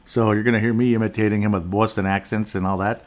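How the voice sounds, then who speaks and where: Middle-aged guy doing a solo sports podcast, kinda low voice, wanders off topic, clears his throat a lot. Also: little pitch movement, quick pace. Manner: rambling, digressive, jokey. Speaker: podcast host. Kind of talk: casual solo sports talk.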